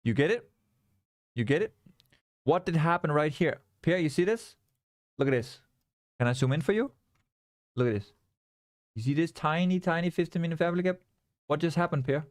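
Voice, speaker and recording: A man hosting a live trading stream, talking viewers through a chart with animated, coaxing commentary and repeated rhetorical questions. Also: on the high side, normal speed, long pauses, no echo, studio quality. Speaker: livestream trading host.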